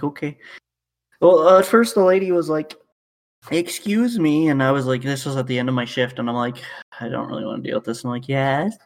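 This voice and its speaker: Rambling, profane man from Canada. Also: mid-range voice. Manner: rambling, profane storytelling with frequent fillers. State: knee in pain. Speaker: podcast co-host. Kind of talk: casual chat.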